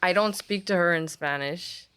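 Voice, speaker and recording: A young Puerto Rican woman who teaches language arts chats casually as an interview guest, her lowish voice clean and at a normal speed. She's talkative and full of "like" fillers, and she gets animated whenever she quotes other people.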